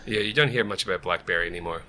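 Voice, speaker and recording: A man's voice: low-pitched, pushed and bright, slight background noise. A man co-hosting a casual chat podcast, jokey and playful. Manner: jokey, playful, quick to do silly voices. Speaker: podcast co-host.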